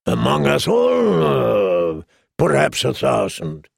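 A man voicing a sly, greedy male merchant prince who teases and bargains in a slow, drawling way. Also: medium pitch, wildly swooping pitch, vocal fry, husky, no echo, clean studio sound, full character voice. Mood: sly wheedling.

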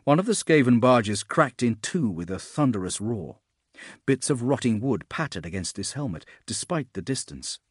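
A man narrates a fantasy novel in a deep, steady voice. His storytelling is measured and even. The recording is dry and close, with no room sound. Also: breathy edge, no echo. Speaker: audiobook narrator.

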